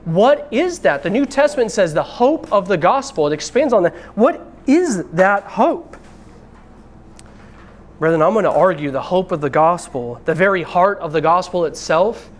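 A man preaching a conversational sermon from the pulpit, talking straight to the congregation and calling them brethren. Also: high-pitched. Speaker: pastor. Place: church sanctuary.

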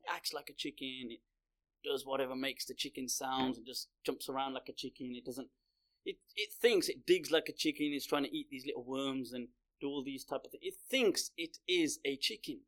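A man's voice: mid-range voice, brisk, fairly bright tone. A male religious lecturer speaking conversationally, telling a story as part of a lecture.

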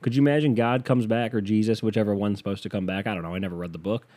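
Profane rambling man, low-pitched. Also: fairly even intonation, rapid-fire, warm tone. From United States. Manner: profane, rambling, self-mocking. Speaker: comedian. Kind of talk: solo comedic rant.

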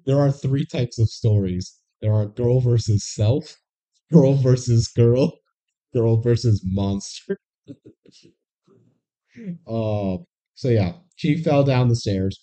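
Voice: mid-range voice, takes it slowly, long pauses, mellow. A podcast co-host recapping a movie's plot in casual chat, with dry, sarcastic remarks.

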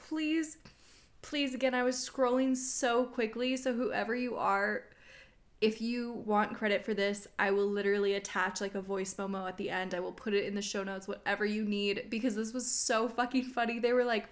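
A woman's voice: medium pitch, flat delivery, normal speed. A young woman co-hosting a casual fan podcast, telling a funny story with swearing and fits of laughter. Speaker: podcast co-host.

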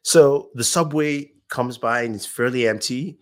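A man's voice: mid-range voice, unhurried. A man, a YouTuber guest, telling anecdotes in casual chat, acting out the voices of people he quotes and laughing often.

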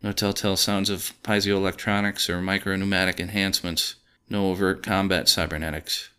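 A man reads audio fiction in a steady, measured way. His voice is very deep yet bright and forceful, with a crisp, resonant clarity. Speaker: narrator. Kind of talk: scripted narration of audio fiction.

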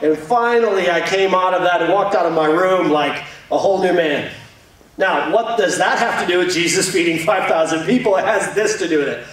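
A young male pastor tells a lively, joking story from the pulpit in a fairly high voice. He sounds a bit distant from the mic. His words ring around a big, echoing hall. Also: a little fast. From Indiana. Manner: storytelling, jokey, animated. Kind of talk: sermon. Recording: echoey hall from far off.

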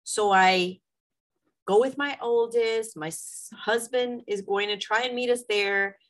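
Middle-aged mom, candid vlogger, emotional and venting. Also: female voice, on the high side, a little slow, rough recording. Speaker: mother. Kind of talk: personal vlog storytelling.

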